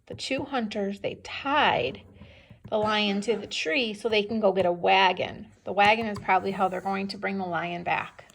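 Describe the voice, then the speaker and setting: A woman's voice: medium pitch, moderate pace, gravelly, fairly bright tone. A woman teacher reading a story aloud to young children, patiently stopping to ask them questions. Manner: patient, questioning, checks understanding. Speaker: second-grade teacher.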